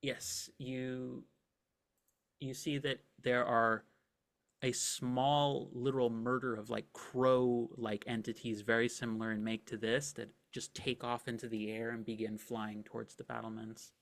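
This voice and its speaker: A man's voice: medium pitch, level tone, a little slow, gravelly. A man narrating a tabletop game as game master, describing scenes casually and vividly with many filler words.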